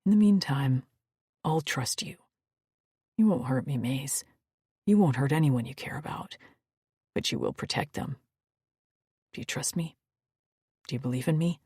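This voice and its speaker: A fierce, scarred alien warrior man, as a woman voices him with a low, gruff growl pushed well below her own pitch. He speaks through gritted teeth in a husky, breathy tone. It is a dry, close audiobook recording. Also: expressive, measured pace, long pauses, mellow, dry recording, full character voice. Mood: soft, reassuring. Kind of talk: audiobook character voice.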